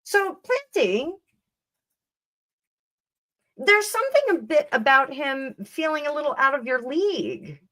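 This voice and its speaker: A woman's voice: high voice, expressive, unhurried, long pauses, bright, forceful tone. A woman hosting a live tarot stream, chatting casually and rambling, with frequent laughs and restarts. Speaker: tarot reader and livestream host. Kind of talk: casual livestream chat.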